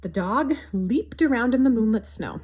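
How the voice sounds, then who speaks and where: Husky-voiced woman reading a children's story. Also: a little high, animated, moderate pace, a little mellow. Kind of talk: storybook read-aloud.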